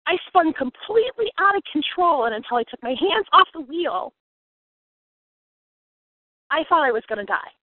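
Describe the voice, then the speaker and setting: Earnest woman speaker, reflective storyteller turned life coach, fairly high voice, tinny phone-line sound. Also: sing-song, moderate pace, long pauses, dry recording. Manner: earnest, reflective, grows emotional. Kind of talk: personal story with motivational lesson.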